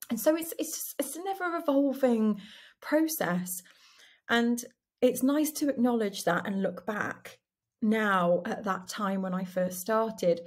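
A woman's voice: medium pitch, a little mellow, slightly rough. A woman hosting her own podcast from her dining room, talking candidly in a reflective solo monologue, often restarting sentences and laughing at herself. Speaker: podcast host.

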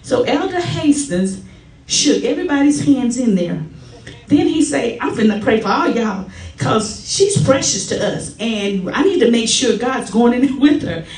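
A middle-aged woman giving a personal testimony at a church service, telling stories in a lively way and acting out the quotes. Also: on the high side, measured pace. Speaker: church member giving a tribute. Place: church sanctuary. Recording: echoey church from far off.

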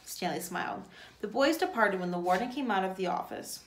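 A woman teacher reads a novel aloud in a plain, steady voice at an ordinary pitch. The recording is roomy, with a noticeable echo around her. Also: brisk. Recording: echoey room.

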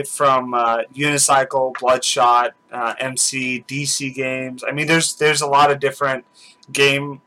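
A man's voice: mid-range voice, sharp tone, low-quality recording. A man hosting his own channel at home, chatting casually and rambling with lots of fillers and restarts. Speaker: channel host. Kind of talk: casual chat.

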